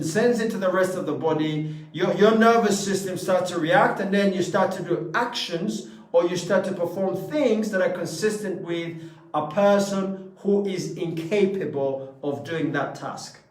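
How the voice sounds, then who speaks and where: An emphatic man with a fairly high voice gives a motivational talk, repeating himself and asking his listeners questions. He is recorded from a distance in a roomy, echoing space. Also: moderate pace. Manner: emphatic, repeats phrases, asks the audience questions. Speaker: motivational speaker. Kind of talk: motivational talk to a live audience. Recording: echoey room from a distance.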